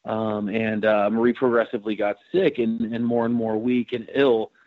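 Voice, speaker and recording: A man who works as a paranormal investigator tells his story in a casual interview, rambling with many fillers and restarts. His voice is fairly low with a level tone and moderate pace, and the recording is dry with no room sound, slightly muffled.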